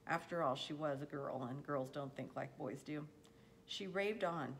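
A woman reading a children's novel aloud in a steady, unhurried storytelling manner. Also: low-pitched, gravelly, slight background noise, poor audio. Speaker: audiobook reader.

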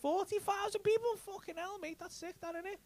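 His voice very high-pitched, steady and brisk, an English comedian does live crowd work at a comedy club. He ribs audience members with cheeky, sweary banter, speaking into a handheld stage mic.

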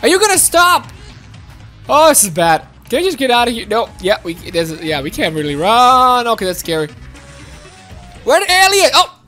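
A woman giving excited, exclaiming commentary while playing a video game and talking to her viewers. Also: a little high, moderate pace, faint music behind. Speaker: gaming video host.

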